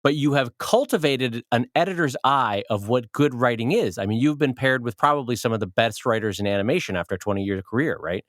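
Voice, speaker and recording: A man co-hosting a podcast, chatting casually and teasing his partner in a playful, animated way. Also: mid-range voice, brisk, hardly any pauses, no room sound, clean studio sound. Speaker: podcast co-host. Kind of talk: casual chat.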